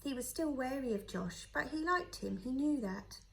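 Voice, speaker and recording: A woman, a teacher, reading a children's novel aloud in a steady, clear storytelling voice. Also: high voice, moderate pace, slight background noise, rough recording.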